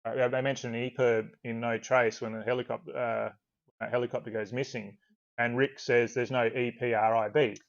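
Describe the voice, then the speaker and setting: An Australian author talking casually in an interview, a relaxed, rambling storyteller who swears now and then. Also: male voice, medium pitch, normal speed, creaky, highs cut off. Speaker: author guest. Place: video call.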